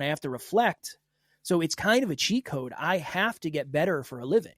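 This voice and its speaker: Podcast guest: a higher-voiced man, earnest and emphatic, on a dry close mic. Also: no echo. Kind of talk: candid interview talk.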